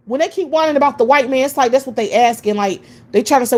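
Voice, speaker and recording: In this profane monologue, a woman from the United States speaks quickly in a high-pitched voice with a darkish tone. Her rant is scornful and laced with heavy swearing, built around repeated rhetorical questions.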